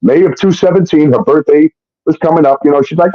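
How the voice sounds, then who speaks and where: A man's voice: a little high, a little fast, no echo. A man telling a personal story in a casual, rambling way, blunt and full of fillers and swearing. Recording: muffled dry recording.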